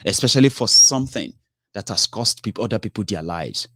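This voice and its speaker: In a dry recording, a man from Nigeria offers heated political commentary in a fairly low, expressive voice, talking a little fast. Frustration bursts out as he repeats points and starts his sentences over.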